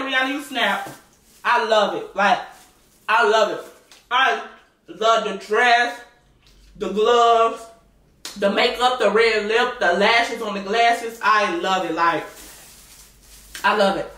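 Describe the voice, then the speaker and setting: A woman vlogger chatting casually while she eats, slangy and animated, often repeating herself. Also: mid-range voice, measured pace, long pauses. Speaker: mukbang and reaction vlogger. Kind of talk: casual chat while eating. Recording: echoey room, mic at a distance, faint noise.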